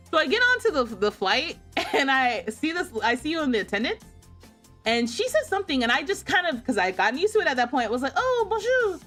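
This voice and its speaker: Her voice sits on the high side and sounds fairly bright. She's a young woman from the United States streaming a game and casually recounting a travel story, laughing a lot and performing the voices of people she quotes.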